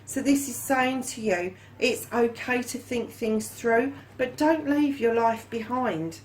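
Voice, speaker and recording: A tarot reader gives a casual reading, chatty and affectionate, calling her viewers darlings and lovelies and swearing occasionally. She's hot and yawning, speaking slowly in a voice on the high side. The recording is rough.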